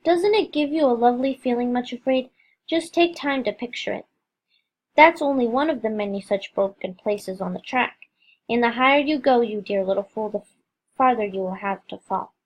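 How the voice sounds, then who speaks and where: A woman's voice: fairly high pitch, moderate pace, close to an everyday voice. A woman voicing a cruel, gloating male villain who taunts his victim in a storybook reading. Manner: mocking, sneering taunts.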